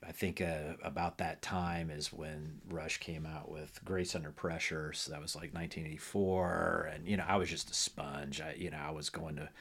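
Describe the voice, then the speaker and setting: A man's voice: rumbling low, flat delivery, moderate pace, few pauses, fairly bright tone, breathy edge. A middle-aged man chatting casually as a podcast guest, rambling with many fillers and restarts. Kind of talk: casual conversation about music.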